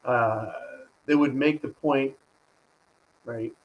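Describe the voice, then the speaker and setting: A man's voice: mid-range voice, steady tone, slow pace, lo-fi sound. A man hosting a live stream, giving combative political commentary and reading viewer donations, often turning to his audience with "folks" and "right?". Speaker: host of a live stream show.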